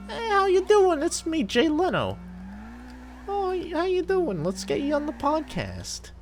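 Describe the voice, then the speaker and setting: A woman's voice: wildly swooping pitch, measured pace, faint music behind, heavily acted. A woman putting on an exaggerated impression of a chatty male talk-show host who keeps repeating himself about cars. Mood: goofy. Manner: squeaky, repetitive, car-obsessed.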